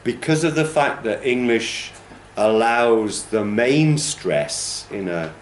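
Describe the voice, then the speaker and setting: A British man teaches a training class, explaining pronunciation and demonstrating stress patterns aloud. His mid-range voice is expressive and slow, in a reverberant space with slight background noise.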